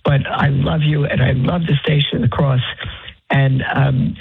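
A nun who is unwell and short of breath makes a halting, pleading fundraising appeal over the phone from her bed. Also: low-pitched, creaky, breathy edge. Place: lying in bed in her convent cell. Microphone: phone line. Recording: tinny phone line.

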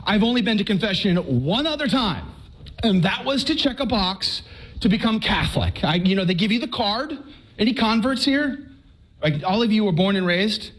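A man from Texas tells his faith story to a listening crowd. His voice sits high for a man, and he talks in an animated, conversational way, often stumbling and restarting his words. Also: normal speed, poor audio. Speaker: speaker giving a personal faith testimony. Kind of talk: storytelling talk to a live audience.

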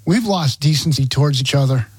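A man's voice: fairly high pitch, a little fast, slightly rough, no echo. A man in casual conversation, speaking sincerely and thoughtfully as a guest.

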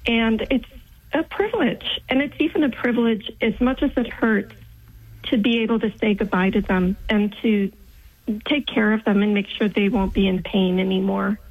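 A woman in her fifties phones in to a radio show, her voice coming through tinny and narrow over the line. Her tone is breathy and husky as she speaks with earnest feeling. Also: mid-range voice, fairly even intonation, normal speed. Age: 50s. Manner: earnest, heartfelt. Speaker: caller. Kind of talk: call-in radio chat.

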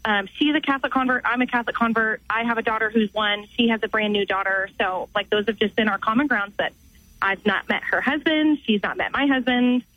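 A woman's voice: fairly high pitch, brisk, dry recording. A cheerful young woman calling in to a radio show and asking for advice. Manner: upbeat, friendly. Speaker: caller. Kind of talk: phone call to a radio show. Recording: dull phone line.

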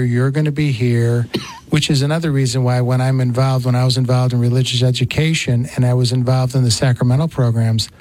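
Male talk host, mid-pitched voice, animated storyteller, chatty. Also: no echo. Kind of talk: casual chat.

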